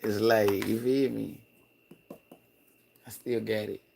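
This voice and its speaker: Gravelly man rambling on a livestream. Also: takes it slowly, slight background noise. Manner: rambling and animated, swinging between loud excitement and low mutters; profane, slangy, laughs often. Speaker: livestream host. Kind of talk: casual livestream chat.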